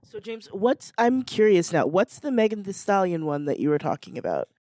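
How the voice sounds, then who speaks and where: A woman's voice: mid-range voice, sing-song, normal speed, mellow, no echo, clean studio sound. A woman co-hosting a live podcast panel, bubbly and teasing, laughing often. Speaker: podcast co-host.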